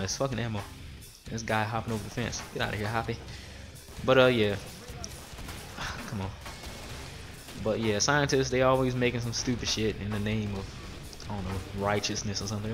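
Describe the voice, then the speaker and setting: A young man, rambling and swearing freely through casual let's-play commentary, his voice jumping up high whenever he mimics others. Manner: rambling, profane, animated when quoting others. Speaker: gaming video host.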